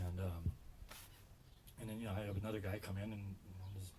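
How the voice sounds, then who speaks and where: A man doing a stand-up routine, rambling and stammering as he tells stories, jumping into loud quoted voices. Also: fairly low pitch, fairly even intonation, a little fast, a little hiss or hum, rough recording. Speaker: stand-up comedian.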